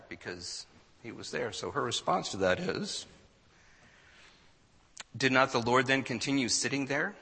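A man preaching in a church hall, reading an old account aloud with dramatic swings between hushed and booming lines. His voice is bright and forceful. A long echo hangs behind him. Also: vocal fry, slightly rough. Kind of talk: sermon.

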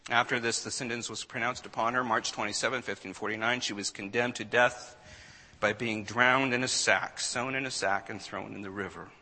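Forceful preacher in an echoing hall. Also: male voice, medium pitch, fairly even intonation, normal speed. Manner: dramatic reading, swings from hushed to loud. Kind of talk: sermon.

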